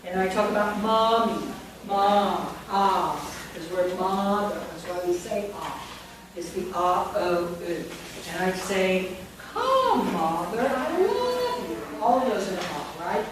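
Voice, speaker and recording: Woman slowly dictating phonics, echoey room. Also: lowish voice. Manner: slow, deliberate, sounds words out. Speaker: teacher trainer. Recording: echoey, distant, noisy room recording.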